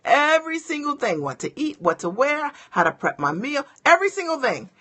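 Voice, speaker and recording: A woman's voice: high voice, fairly quick. A middle-aged woman giving a motivational live-stream talk as a business coach, speaking straight to her viewers and encouraging them. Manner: energetic and encouraging, addresses viewers directly.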